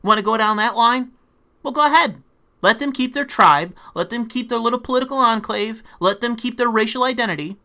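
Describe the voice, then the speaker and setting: A young man delivering an angry, profane political rant as a commentator, breaking into shouting bursts. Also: very high voice, fairly quick.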